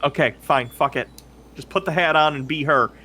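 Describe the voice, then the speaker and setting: Excitable man planning a tabletop game move. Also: fairly high pitch, normal speed, slight background noise. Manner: excitable, swearing, planning aloud. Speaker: player. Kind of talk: casual tabletop game chat.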